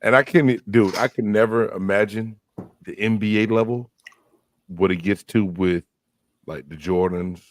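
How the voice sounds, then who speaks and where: A man, a former pro football player, talking casually and emphatically on a sports podcast, with street slang and animated outbursts. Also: lowish voice, moderate pace, no room sound.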